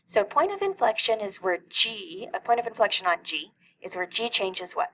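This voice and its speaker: Woman, middle-aged, math teacher, calculus lesson, step-by-step explaining, answers her own questions, vocal fry. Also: mid-range voice, very animated, moderate pace, fairly bright tone, rough recording.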